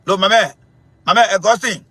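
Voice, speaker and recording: A man with a Liberian English accent hosting his own show, giving heated, confrontational political commentary full of repetition and bursts of shouting. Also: high-pitched, brisk, husky, dry recording. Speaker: show host.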